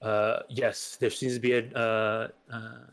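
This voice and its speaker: A man's voice: on the low side, level tone, takes it slowly. A man voicing a formal male club owner who stumbles over his words.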